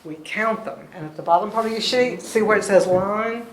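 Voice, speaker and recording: A woman's voice: medium pitch, moderate pace, a crowd in the background. A woman teaching an informal poetry class, chatty and laughing often as she sounds out rhythms. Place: church classroom. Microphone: distant room mic. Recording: echoey room from far off, faint hiss.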